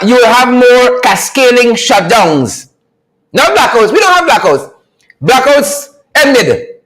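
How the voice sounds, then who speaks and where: High-pitched mocking man. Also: poor audio. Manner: mocking, repetitive, animated. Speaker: livestream host. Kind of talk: political commentary livestream.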